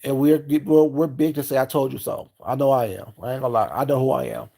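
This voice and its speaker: Animated man telling a story. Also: mid-range voice, quick pace. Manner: animated and expressive, acting out both sides of scenes; frank and salty, peppered with "you know what I'm saying". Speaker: food and lifestyle vlogger. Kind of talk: casual storytelling rant.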